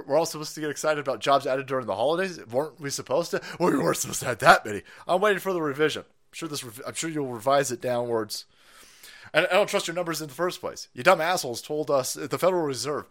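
A male streamer rants in a casual, profane way, mocking as he goes and laughing often. His pitch is lively and swings widely, jumping up when he slips into silly put-on voices. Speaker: political stream host. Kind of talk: casual ranting live stream.

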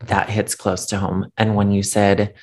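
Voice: low voice, little pitch movement, unhurried, darkish tone. A podcast co-host chatting casually, rambling and poking fun at themself. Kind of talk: casual chat.

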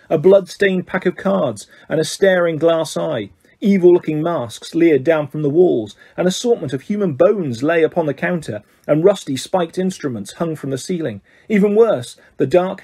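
Male reader, husky and mellow, very lively pitch, expressive storybook narration. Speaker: audiobook reader. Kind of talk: storybook reading.

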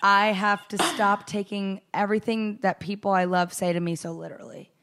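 A woman's voice: mid-range voice, little pitch movement, moderate pace, a bit bright. A woman co-hosting a podcast, chatting casually, teasing her friend and stumbling over her words. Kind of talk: casual chat.

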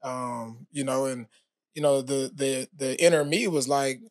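A man's voice: mid-range voice, normal speed, no room sound, studio quality. Laid-back man telling his story. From United States. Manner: relaxed storytelling with many fillers. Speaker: podcast guest, former pro quarterback. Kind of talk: casual interview talk.

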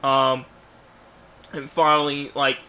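A man casually pitching a story idea on a podcast, rambling and acting out characters' lines under his breath. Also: level tone, slow, bright, forceful tone. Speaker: podcast co-host. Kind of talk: casual fan podcast chat.

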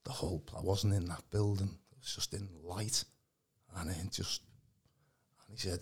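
A man telling his personal testimony in a casual, animated way. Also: sits low, moderate pace, breathy edge. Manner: animated, acts out quoted voices, calls the host mate. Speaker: guest giving testimony. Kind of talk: casual storytelling.

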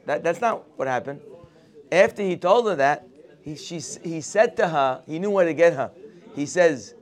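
A man's voice: on the high side, animated, normal speed. A man teaching a morning Torah class, telling the story expressively and mixing Hebrew quotes with English. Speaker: religious teacher.

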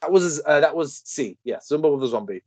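A man hosting a casual podcast quiz, reading out questions, with playful laughs and quick asides. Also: fairly high pitch, animated, a little mellow. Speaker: podcast host, quizmaster.

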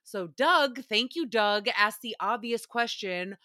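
A woman hosting a podcast, telling stories in a casual, animated way with plenty of swearing. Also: on the high side, slow pace, no room sound, clean studio sound. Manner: animated, profane storytelling. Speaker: podcast host.

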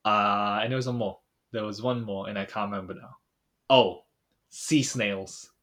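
A man's voice: fairly low pitch, steady tone, moderate pace. Rambling young man telling a story. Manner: rambling storyteller, trailing off quietly, many fillers. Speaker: podcast co-host. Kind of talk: casual chat.

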